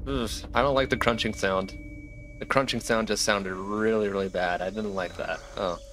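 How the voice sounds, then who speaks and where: A man's voice: on the low side, fairly even intonation, moderate pace, slight background noise. A man giving laid-back, rambling commentary while streaming a game. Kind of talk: casual gameplay commentary. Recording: commentary over loud game sound.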